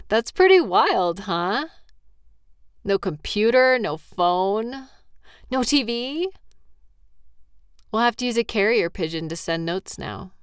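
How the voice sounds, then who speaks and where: Sleepy reassuring woman, smooth lively voice. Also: mid-range voice, dry recording, studio quality. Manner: sleepy, reassuring, playful teasing. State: tired, yawning. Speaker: audio role-play performer. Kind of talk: comfort audio role-play.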